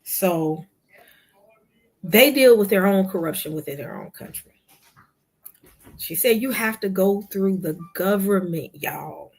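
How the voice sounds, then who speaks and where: A woman's voice: mid-range voice, lively intonation, takes it slowly, vocal fry, pauses often, a little mellow, husky. A woman hosting a livestream show, chatting casually with viewers and retelling a conversation in quoted dialogue, often calling them "y'all". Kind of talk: casual storytelling to a live audience.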